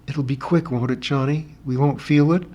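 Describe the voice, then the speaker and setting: A man's voice: medium pitch, steady tone, moderate pace, a little mellow, muffled recording, pitched above the performer's own voice, close to an everyday voice. A man reading aloud who voices a frightened but defiant teenage girl in a pleading, emotional way. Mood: resigned.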